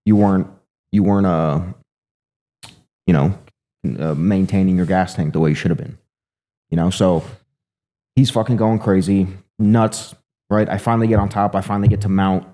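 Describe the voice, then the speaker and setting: A man's voice: sits low, steady tone, warm tone. A man telling a fight story in casual, profane talk, rambling with lots of "you know" and "right". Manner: fast, rambling, heavy swearing, filler "you know". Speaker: guest, MMA fighter.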